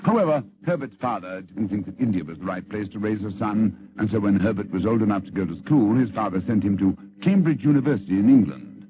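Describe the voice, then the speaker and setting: A man's voice: on the low side, expressive, fairly quick. A man telling a story in scripted radio narration, dramatic and theatrical, on a lo-fi old radio recording.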